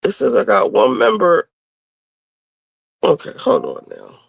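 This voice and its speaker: A woman hosting a casual livestream, chatting to viewers and getting loud and teary with excitement over new supporters. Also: rumbling low, unhurried, gravelly, breathy edge, dry recording. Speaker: livestream host.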